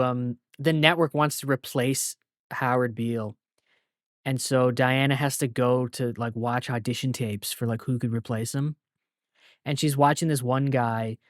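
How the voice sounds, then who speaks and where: A man co-hosting a film podcast, retelling scenes in an animated way. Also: mid-range voice, normal speed, no echo, studio quality. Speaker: podcast co-host. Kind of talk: casual film discussion.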